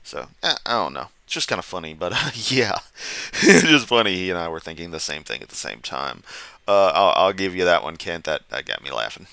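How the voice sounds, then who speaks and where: A man's voice: low voice, big pitch swings, a little fast, creaky, sharp tone, dry recording. Sleepy guy rambling thru a reaction video, goes on tangents, dry close sound. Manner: rambling, goes off on tangents, laughs at his own jokes. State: sleepy, yawning. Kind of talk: casual reaction commentary.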